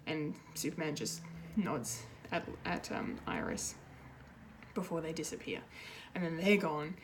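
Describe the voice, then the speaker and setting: Female pop culture reviewer, low-ish voice, chatty and rambling recap delivery. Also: a little slow, background noise. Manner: rambling and excitable, many fillers and restarts.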